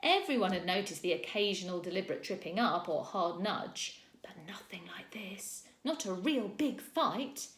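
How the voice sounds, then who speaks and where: A woman's voice: medium pitch, normal speed, hardly any pauses. Woman reading a storybook aloud in an echoey room. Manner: expressive, acting out the characters. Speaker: teacher reading a book aloud.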